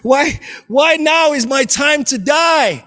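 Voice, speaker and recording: A man voicing a boastful young man who turns panicked, shouting, stammering and pleading. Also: very high-pitched, takes it slowly, full character voice.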